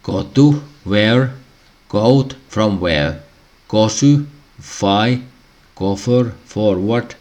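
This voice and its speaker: Male teacher, low-pitched, very slow and halting, reads lesson material aloud, frequent throat clearing. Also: darkish tone. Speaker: language teacher. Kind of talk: slow reading of a language lesson.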